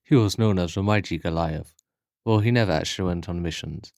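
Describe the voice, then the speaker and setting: A man doing a jovial super-soldier, full of fatherly swagger. He sits very low and sounds close and dry, talking like nothing can touch him. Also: fairly quick, a little mellow, dry recording. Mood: hearty. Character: jovial boastful middle-aged male Russian super-soldier.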